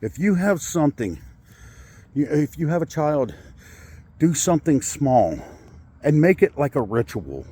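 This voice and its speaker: A man's voice: fairly high pitch, sing-song, a little slow, long pauses, warm tone, slightly rough. A man in his forties telling a personal story in a vlog, angry and upset, swearing and rambling with many fillers. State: upset, shaky with anger. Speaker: vlogger. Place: in a car.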